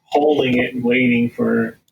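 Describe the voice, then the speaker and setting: A man's voice: medium pitch, flat delivery, unhurried, creaky, highs cut off, a little hiss or hum. A man playing a tabletop game, hesitantly asking questions while he plans his moves. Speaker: player.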